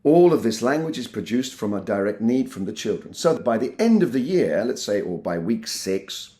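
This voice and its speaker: A middle-aged man, a teacher trainer, giving an instructional talk to teachers and acting out classroom phrases in animated voices. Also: lowish voice, normal speed.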